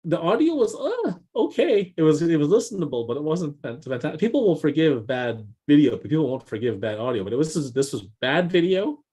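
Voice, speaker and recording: A man co-hosting a casual business chat, telling stories with animated swings in pitch and often repeating words as he thinks. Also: fairly quick, few pauses, breathy edge. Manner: animated storyteller, jumps in pitch for quoted voices. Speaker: podcast co-host.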